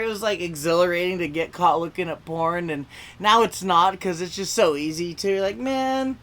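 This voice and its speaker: A man's voice: a little high, moderate pace. Rambling young man on a video call. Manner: rambling, self-interrupting, lots of "like"; acts out quoted voices, shouting and whispering. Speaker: stand-up comedian. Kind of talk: stand-up set at an online open mic.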